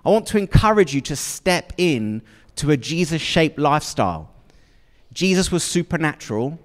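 A man delivers a sermon in a conversational way, often turning to his listeners with questions. His pitch sits a little high and moves a lot. His voice rings with the long reverb of a large hall. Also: big pitch swings, moderate pace. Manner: conversational, asks the congregation questions. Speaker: preacher.

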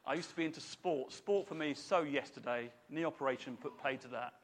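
A man preaching a sermon to a congregation in a lively, chatty way, putting questions to his listeners. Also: medium pitch, fairly quick.

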